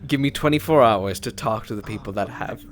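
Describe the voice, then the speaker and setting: A man's voice: lowish voice, brisk. A man in a voice-chat roleplay, wary and sarcastic, who swears and breaks into laughter.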